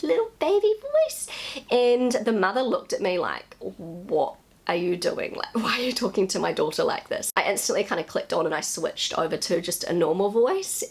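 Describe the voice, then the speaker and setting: Vlogger, woman in her thirties, New Zealand accent, conversational with some vocal fry. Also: mid-range voice. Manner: chatty, conversational, with relaxed asides. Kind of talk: casual vlog commentary.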